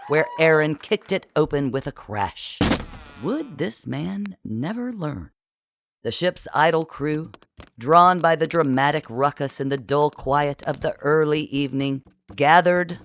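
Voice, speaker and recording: A narrator reading a comic adventure audiobook with an expressive, wry delivery. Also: mid-range voice, a little hiss or hum.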